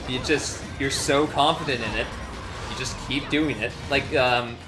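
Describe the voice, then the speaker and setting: A man co-hosting a let's play in casual post-game chat, relaxed and self-amused, with many "like"s. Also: medium pitch, unhurried, music in the background.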